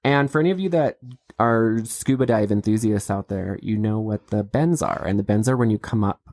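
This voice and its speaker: A woman with a very deep, low voice recaps a TV show in relaxed, chatty podcast talk. She laughs easily and acts out the characters' lines. The recording is close and dry. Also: a little fast, no room sound. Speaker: podcast co-host. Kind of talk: casual recap chat.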